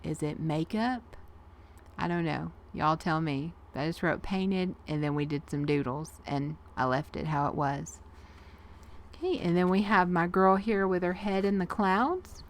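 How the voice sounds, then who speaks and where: A woman's voice: fairly low pitch, a little slow, a little hiss or hum. A woman, chatting folksily through her art journal pages as a craft vlogger and laughing often. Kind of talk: casual craft narration.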